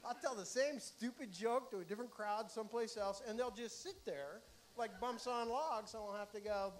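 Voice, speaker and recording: A middle-aged man doing a stand-up comedy set, with animated, mock-excited storytelling to a live audience. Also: sits high, normal speed.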